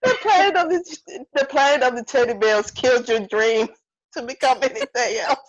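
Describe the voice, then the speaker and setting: A woman's voice: high-pitched, normal speed. A woman chatting casually on a podcast, joking between laughs. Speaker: podcast co-host. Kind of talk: casual chat. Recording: dull, dry mic sound.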